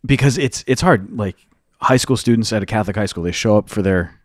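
Low-voiced man explaining earnestly. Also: brisk, no echo, studio quality. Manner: earnest, rambling explanations with many restarts. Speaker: podcast co-host, youth minister and teacher. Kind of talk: casual podcast chat.

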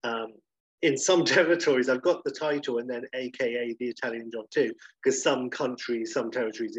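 Rambling man, husky voice. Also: medium pitch, steady tone, fairly quick, dry recording, dull audio. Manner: rambling, self-correcting, enthusiastic. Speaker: podcast co-host. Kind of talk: casual chat.

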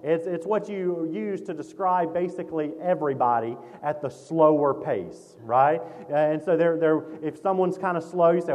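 A man's voice: fairly high pitch, moderate pace, hardly any pauses, darkish tone. A man from Mississippi with a Southern accent, preaching a folksy, conversational sermon as a guest pastor. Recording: long hall reverb.

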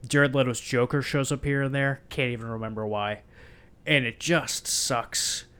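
A man's voice: medium pitch, moderate pace, a bit bright, smooth. A man in casual chat, bluntly and sarcastically recapping a movie he disliked, with plenty of swearing.

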